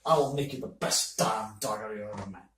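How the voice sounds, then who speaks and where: A man's voice: lowish voice, a little fast, a bit bright, faint music behind, voice pushed down, natural voice. A man voicing a proud, boastful male dwarf blacksmith who talks with swagger, recorded in an echoey room from a distance. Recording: roomy, distant mic with faint noise.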